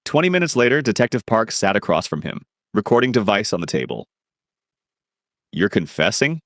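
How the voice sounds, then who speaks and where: Lively male story narrator. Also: on the low side, fast talker, dry recording, clean studio sound. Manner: dramatic, storytelling.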